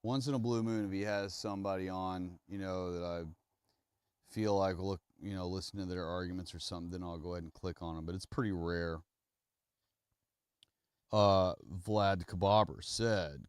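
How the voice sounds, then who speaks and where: Man rambling on a stream, lowish voice, smooth, dry close sound. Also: fairly even intonation, moderate pace, no echo. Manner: rambling, self-correcting storyteller. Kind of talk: casual livestream monologue.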